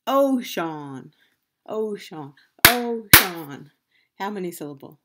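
A woman teacher speaks to young children at a very slow, deliberate pace, stretching each word into its syllables. Her voice sits a little low, and a loud steady hiss runs under the whole recording. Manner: slow, drawn-out syllable-by-syllable repeating of names, encouraging. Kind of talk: online class lesson for young children. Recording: loud steady background noise with clicks.

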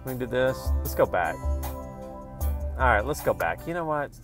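A man rambling in a casual vlog, swearing often and swinging between loud outbursts and low mumbles. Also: very animated, normal speed. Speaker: vlogger. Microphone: phone camera. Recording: music playing in the background.

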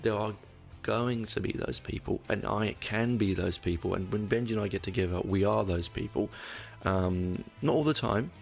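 At a moderate pace, a podcast host with a deep, gravelly, creaky voice works through a casual episode alone. He goes off on tangents, doubles back often, and swears offhandedly while soft guitar music plays underneath.

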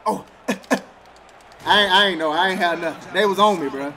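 A man's voice: high-pitched, normal speed. A man streaming a football video game, trash-talking and laughing. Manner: animated trash talk, laughing, slang. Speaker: gaming streamer. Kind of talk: casual game commentary.

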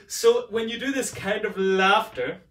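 Singing teacher, male, high voice, unhurried and playful, mic at a distance in a roomy space. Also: a bit bright. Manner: playful, coaxing, demonstrates by singing. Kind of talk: vocal warm-up lesson.

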